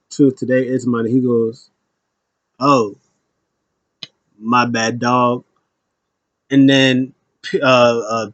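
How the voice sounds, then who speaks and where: A man's voice: medium pitch, dry recording. A man casually recapping wrestling shows, retelling scenes with lots of fillers, laughs and acted-out quotes.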